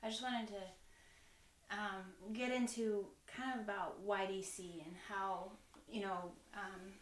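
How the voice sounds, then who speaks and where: A woman's voice: mid-range voice, fairly even intonation, slow. A woman interviewer framing her questions hesitantly, with many fillers and restarts. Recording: echoey room, distant mic, faint hiss.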